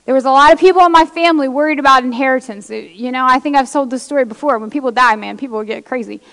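A woman's voice: sits high, quick pace, a bit bright, long reverb tail. A woman preacher giving an impassioned sermon, reading scripture aloud and speaking straight to her congregation in a church.

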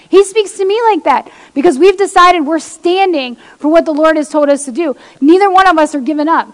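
A woman, a pastor's wife, giving an animated testimony sermon to women and acting out quoted voices as she tells stories. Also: extremely high pitch, a little fast, hardly any pauses. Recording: long hall reverb.

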